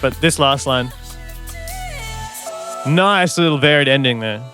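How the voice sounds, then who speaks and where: A man's voice: medium pitch, slow pace, over music. A man, a songwriter, giving casual, enthusiastic commentary on an album and scatting melodies as he talks. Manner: enthusiastic, chatty, hums and scats melodies. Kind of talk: casual music reaction commentary.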